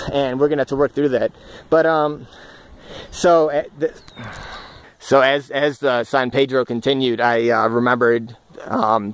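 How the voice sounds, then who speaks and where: Earnest, halting man outdoors. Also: mid-range voice. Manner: earnest, halting and reflective, often restarting phrases. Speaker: vlogger. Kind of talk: personal reflection vlog. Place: outdoors, walking in the countryside.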